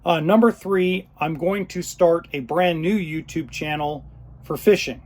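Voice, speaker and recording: A man hosting his own podcast, talking unscripted, choked up and pausing often. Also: a little high. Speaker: podcast host. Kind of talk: unscripted solo podcast talk.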